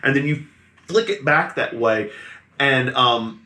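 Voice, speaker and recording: A man's voice: mid-range voice, expressive, measured pace, pushed and bright. A man narrating as game master of a tabletop game, describing the action vividly and adding sound effects. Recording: echoey room.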